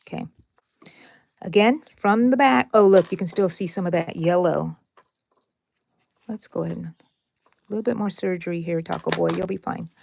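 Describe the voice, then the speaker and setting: A woman's voice: lowish voice, normal speed, gravelly, long pauses, darkish tone, slight background noise. A woman hosting a casual crochet tutorial, chatty and playful, who talks viewers through each step with little asides and exclamations.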